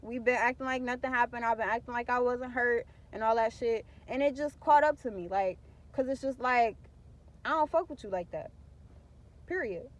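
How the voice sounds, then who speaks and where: A woman's voice: on the high side, fairly quick. A young woman, venting bluntly and profanely to camera in a candid vlog. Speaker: vlogger.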